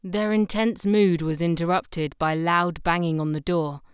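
Slow, smooth-voiced woman storyteller. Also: lowish voice, steady tone, dry recording, studio quality. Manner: slow, measured, intimate reading. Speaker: audiobook narrator. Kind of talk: scripted narration of adult fiction.

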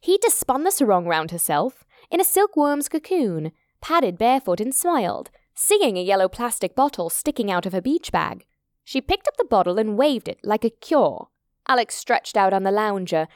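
A woman reads a story in a measured, descriptive way at a middle pitch. The sound is close and dry, with no room echo. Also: sing-song, a little mellow. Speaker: narrator. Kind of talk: audiobook narration.

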